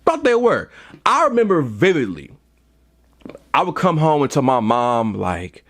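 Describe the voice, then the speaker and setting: Podcast host, young man, comic rant, swings wildly in pitch, slightly worn out. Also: unhurried. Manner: animated, swings into high mocking voices. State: a little tired. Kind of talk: comedic rant.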